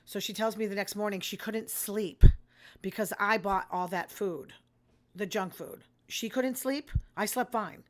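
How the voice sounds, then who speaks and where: A woman's voice: medium pitch, a little slow. An older woman, hosting a casual monologue in a blunt, rambling, self-deprecating way. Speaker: host.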